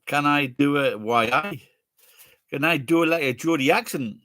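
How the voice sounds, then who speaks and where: A man in his sixties with a Sheffield English accent hosts a livestream, reading viewer comments and answering their questions bluntly in casual chat while swearing freely. His fairly high voice has a sharp tone at a moderate pace. The recording is dry and studio quality.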